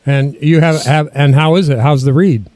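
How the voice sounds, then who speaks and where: Rambly cohost guy, highish voice, dry sound. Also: fairly even intonation, normal speed, a little mellow, no echo. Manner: rambling, restarts, chuckles. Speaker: co-host. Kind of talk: casual chat.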